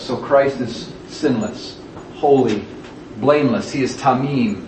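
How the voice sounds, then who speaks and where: A man's voice: mid-range voice, takes it slowly, a little mellow. A man leading a Bible study class, explaining passages and repeating key words for emphasis. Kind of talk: teaching a scripture class. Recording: echoey room, distant mic, faint noise.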